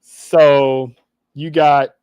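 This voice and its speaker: A man's voice: on the high side, extremely slow, smooth, dry recording, muffled recording. A man co-hosting a podcast, recapping wrestling in casual chat and acting out what people said. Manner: animated storytelling, acts out quotes, laughs often. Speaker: podcast co-host.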